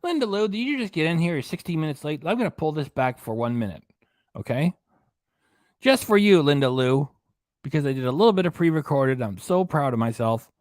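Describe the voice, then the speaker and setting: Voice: mid-range voice, lively intonation, fairly quick, darkish tone, dry recording, clean studio sound. A livestream host chatting casually, thanking viewers by name and reading out comments between video clips.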